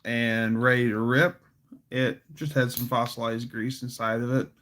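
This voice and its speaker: Slow-talking, goofy man hosting a livestream. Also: mid-range voice, steady tone, fairly bright tone. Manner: goofy and playful, does silly voices. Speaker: livestream host. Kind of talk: casual livestream chat.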